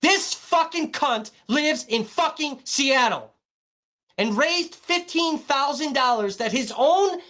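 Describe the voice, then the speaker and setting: A woman's voice: sits high, a bit bright. A woman live streaming, swearing constantly in an irritated, combative rant. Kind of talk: livestream rant.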